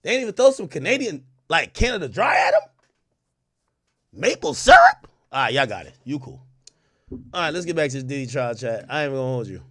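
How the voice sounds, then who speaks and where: A man from Jamaica hosting a livestream, ranting loudly and profanely, dropping from shouts to low mutters. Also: huge pitch swings, brisk, long pauses, no echo, clean studio sound. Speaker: livestream host. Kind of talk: animated livestream rant.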